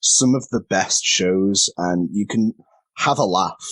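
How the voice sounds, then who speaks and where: A man with a fairly low, husky voice chats candidly as a guest, often poking fun at himself and laughing. The sound is dry and close, taken over a remote call. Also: slow pace, fairly bright tone, no room sound. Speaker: wrestler and podcast guest. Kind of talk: casual chat.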